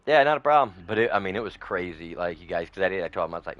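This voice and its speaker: A man's voice: deep voice, lively intonation, rapid-fire, fairly bright tone. A man chats away while streaming a farming game. He rambles loosely from one story to the next. His talk is full of folksy slang and friendly asides to his viewers. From northern Michigan, USA. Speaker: gaming streamer. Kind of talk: casual chat while gaming.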